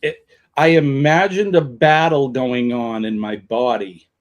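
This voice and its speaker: A man's voice: mid-range voice, steady tone, a little slow. Brief: male co-host of a live chat show, heartfelt and motivational, loose delivery full of "um"s, ordinary mid voice. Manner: earnest, motivational, rambling with fillers.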